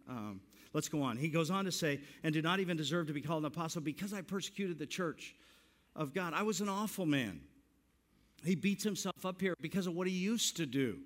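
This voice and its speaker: Animated man in his sixties preaching. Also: on the high side. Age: 60s. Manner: animated, self-mocking storyteller who laughs through his lines. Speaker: pastor. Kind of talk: sermon with personal storytelling.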